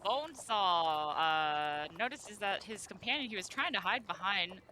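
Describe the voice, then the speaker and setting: A tabletop game player jokes, chips in with questions and then narrates a character's timid moves. The voice is bright. There is a faint noisy ambience behind it. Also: medium pitch, lively intonation, unhurried.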